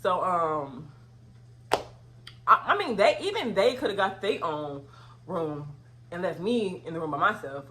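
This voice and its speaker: Animated woman telling a storytime. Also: on the low side, a little slow, long pauses. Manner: animated, swings into loud outraged retellings. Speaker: vlogger. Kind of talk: casual storytime.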